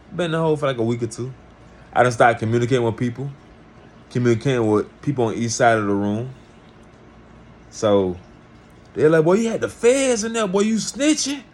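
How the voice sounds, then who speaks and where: A man telling a personal story in a casual, lively way, acting out the people he quotes. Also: mid-range voice, slight background noise.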